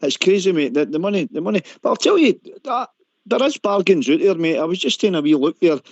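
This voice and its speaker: A man's voice: high voice, big pitch swings, fast talker, breathy edge, dry recording. A man with a Scottish accent calling a radio phone-in, chatting casually and calling everyone mate. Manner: chatty, keeps saying mate. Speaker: caller. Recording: muffled phone-in audio.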